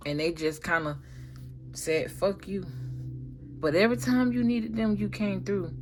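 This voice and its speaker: A woman's voice: medium pitch, a little slow, soft background music. A woman giving a casual tarot reading, talking in a slangy, emphatic way and swearing freely. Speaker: tarot reader.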